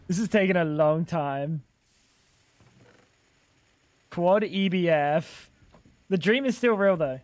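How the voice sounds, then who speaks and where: A man's voice: high voice, slow pace, pauses often, no room sound. A young man live-streaming a game, chatting casually and bantering with chat while swearing freely.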